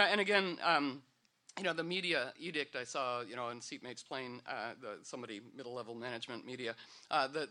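Bright-voiced man giving a rambling, playful talk. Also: medium pitch. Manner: meandering with frequent fillers and restarts, playful. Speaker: speaker at a live gathering. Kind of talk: rambling, humorous talk to an audience.

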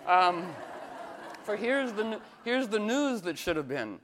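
A man teaching astrology in a casual talk, rambling with many fillers and restarts, acting out quoted voices with sudden jumps in pitch. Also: very animated, moderate pace, a bit bright, a little hiss or hum.

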